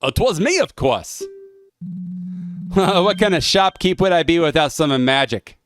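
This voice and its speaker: A man's voice: fairly high pitch, animated, slow, fairly bright tone, voice pushed up. A man voicing a boastful, cheap male magic shopkeeper with a put-on British accent. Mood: gloating. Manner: brash, bragging, "I tells ya".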